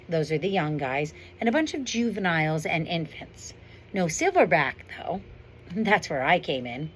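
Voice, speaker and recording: Woman reading a proud silverback gorilla with dry wit, low-voiced, storybook tone, faint wind behind. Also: close to an everyday voice. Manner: wry, understated storybook narration. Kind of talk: reading a novel aloud. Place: outdoors on a windy day.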